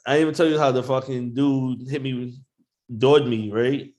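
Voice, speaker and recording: A man chats in a laid-back, profane way at a mid pitch. He laughs easily and drags his phrases out, sometimes trailing off quietly. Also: steady tone, normal speed. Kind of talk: casual chat.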